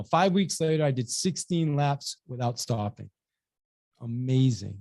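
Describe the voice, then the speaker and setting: A man hosting a webinar, telling a personal story with energy, acting out both sides of the dialogue, often repeating words and restarting. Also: a little high. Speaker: webinar host and real estate coach.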